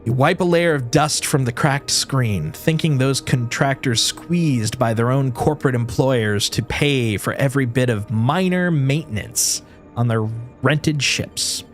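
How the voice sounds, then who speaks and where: A man's voice: medium pitch, unhurried, faint music behind. A man streaming a story game, reading its narration aloud with expression and breaking off for playful asides.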